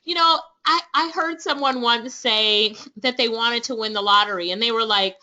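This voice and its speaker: A Jamaican woman runs an online class webinar with eager, persuasive energy. Her voice sits high and bright. The sound is dull and lo-fi, like a webinar stream. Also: normal speed. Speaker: online business trainer hosting a webinar. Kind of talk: upbeat sales pitch to webinar attendees.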